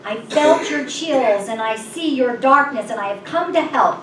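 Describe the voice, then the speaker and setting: A woman voicing a calm, gentle male stranger who speaks softly and sadly, recorded from a distance in an echoing room with background noise. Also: on the high side, unhurried, pitched above the performer's own voice. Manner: soft, calm, sad.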